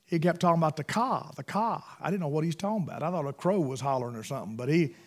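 A man preaches in a high, bright-pitched voice. He spins folksy stories from the pulpit, pushing hard on key words and then dropping to hushed asides. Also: rapid-fire. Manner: folksy, emphatic, swings between loud bursts and hushed asides. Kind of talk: storytelling sermon.

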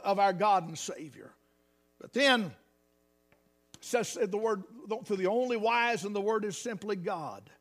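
A man preaching a sermon as pastor, moving from quiet talk to loud, rising calls with hallelujahs. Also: high-pitched.

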